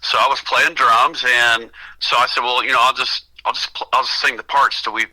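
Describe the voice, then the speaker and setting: A man's voice: medium pitch, flat delivery, a little fast, pushed and bright, rough recording. An older man, a singer guest, telling rambling stories in a casual radio interview, often acting out what others said. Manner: rambling anecdotal storyteller with restarts and quoted voices.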